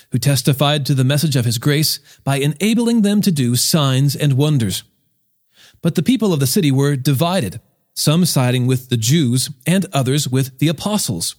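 A man reading a Bible passage aloud in a measured, expressive way. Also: a little high. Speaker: scripture reader.

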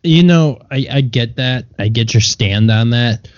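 A man's voice: mid-range voice, measured pace, dry recording, highs cut off. A man co-hosting a podcast, ranting bluntly and with lots of swearing in casual chat. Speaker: podcast co-host.

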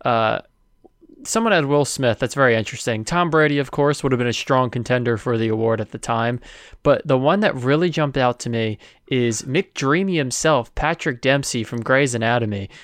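A man co-hosts a casual sports podcast, chatty and steering the segment's questions. His mid-range voice moves at normal speed, and the sound is clean studio audio with no room sound.

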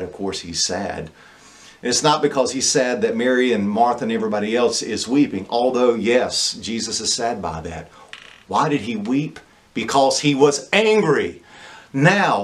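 Man preaching, unhurried delivery, rhetorical questions, emphatic pauses. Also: mid-range voice. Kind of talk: sermon.

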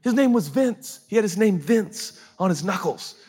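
A man's voice: high-pitched, lively intonation, moderate pace, a little mellow, breathy edge. A man preaching a sermon in an emotional, conversational way, often laughing as he talks.

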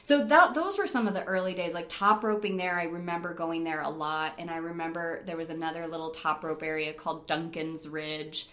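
A middle-aged woman from upstate New York telling stories in a casual interview, animated, laughing often and using lots of fillers. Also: sits low, brisk, few pauses, roomy sound. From Rochester, New York. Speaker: interview guest, rock climber.

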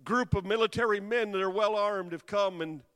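A man preaching a dramatic sermon, swinging from hushed passages to impassioned cries. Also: high-pitched, moderate pace, clear, resonant tone, big-room sound.

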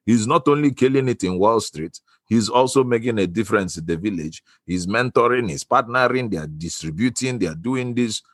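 Male podcast host, low voice, teasing and playful, dry close sound. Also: fairly quick, few pauses, dry recording. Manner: jokey, teasing, animated. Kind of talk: casual interview talk.

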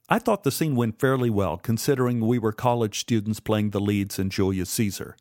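A man's voice: lowish voice, darkish tone, no room sound, studio quality. Wry man in his sixties narrating. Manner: wry, measured storytelling. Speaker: memoir narrator. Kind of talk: scripted memoir narration.

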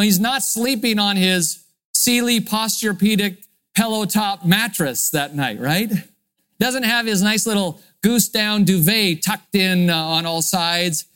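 A man's voice: high voice, clean tone. Earnest male pastor preaching. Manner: earnest, expressive teaching with dramatic readings of scripture. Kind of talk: sermon.

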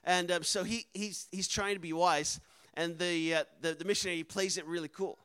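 A man telling a story from the mission field with animated energy, building to loud, emphatic peaks. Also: high-pitched, normal speed, clean tone. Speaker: missionary speaker. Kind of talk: storytelling sermon.

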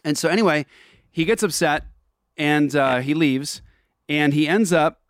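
A man's voice: on the high side, measured pace, no room sound, clean studio sound. A man hosting a casual talk show, telling stories in a chatty way and laughing easily. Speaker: podcast host. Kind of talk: casual chat.

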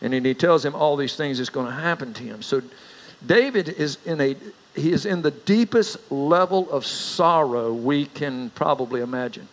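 A man's voice: normal speed, low-quality recording. A middle-aged man preaching a sermon as a pastor, telling stories in a folksy way. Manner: folksy storyteller, rises in pitch for anecdotes.

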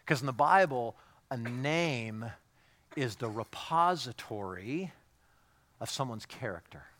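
A middle-aged man, a pastor, preaching a sermon in a lively, joking way and acting out voices of the people he talks about. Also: mid-range voice, takes it slowly. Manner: animated, jokey, acts out quoted voices.

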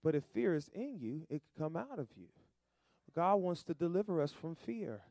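A man delivers a sermon, his pitch sitting a little high. He calls on the congregation and stretches key words out loud before dropping to quiet asides. The sound is dry and close, with no room echo. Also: very animated, moderate pace, creaky. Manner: call-and-response preaching, swings from soft to shouted. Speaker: preacher.

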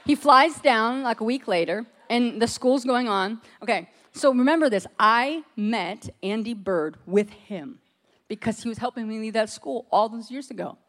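A woman's voice: on the high side, normal speed, fairly bright tone. A middle-aged woman telling a personal story to a group, acting out what others said and laughing often. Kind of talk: animated personal testimony.

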